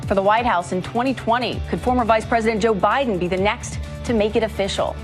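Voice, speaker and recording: A woman anchoring a news program, reading headlines crisply. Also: medium pitch, fast. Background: music.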